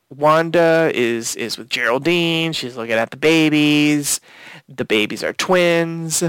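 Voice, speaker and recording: A man's voice: medium pitch, fairly bright tone, clean tone, no echo. A man co-hosting a casual podcast, recapping a TV episode scene by scene and retelling the dialogue with quotes. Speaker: podcast co-host.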